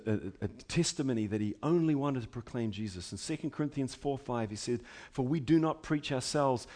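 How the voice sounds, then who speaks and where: A middle-aged male pastor preaching a sermon, building to emphatic declarations and dropping to quiet, conversational asides, often repeating himself as he restarts phrases. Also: mid-range voice, slightly rough.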